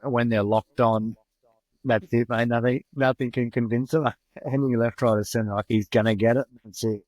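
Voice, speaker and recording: A man's voice: medium pitch, fairly even intonation, normal speed, a little mellow, dry recording, rough recording. An easygoing man with an Australian accent, a guest on a casual podcast interview who laughs often.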